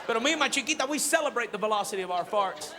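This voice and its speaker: A middle-aged man doing stand-up comedy, animated and dropping Spanish phrases into English, swinging from shouts to a hush. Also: very high-pitched, racing. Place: comedy stage before live audience. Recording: live club, crowd laughter and noise.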